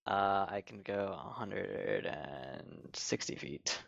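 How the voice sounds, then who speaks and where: A man's voice: deep voice, slow pace, creaky, no room sound. A man playing in a tabletop game, rambling and mocking himself as he explains his moves. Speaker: player. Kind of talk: casual tabletop game talk. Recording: dull lo-fi sound.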